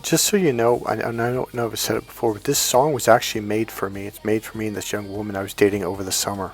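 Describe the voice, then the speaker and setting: A man's voice: on the low side, steady tone, fast talker, soft background music. A man in his fifties giving casual dating advice, rambling with restarts and acting out quoted dialogue. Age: 50s. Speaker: dating coach.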